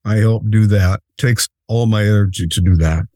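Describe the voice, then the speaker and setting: An actor playing a jolly, patient old Santa Claus, telling unhurried, fatherly anecdotes with many fillers in an interview. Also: on the low side, dark tone, no echo, natural voice. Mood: contented. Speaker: interview guest. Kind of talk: in-character storytelling interview.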